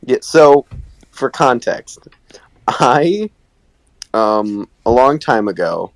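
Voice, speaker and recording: Animated man telling stories. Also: medium pitch, very slow, low-quality recording. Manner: animated storytelling, slips into voices. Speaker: voice actor. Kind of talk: casual chat in a voice chat.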